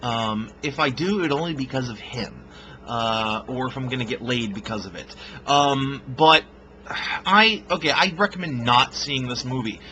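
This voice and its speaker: A man's voice: medium pitch, measured pace, sharp tone, a little hiss or hum, rough recording. A man giving a casual, blunt film review, rambling with fillers and swearing freely.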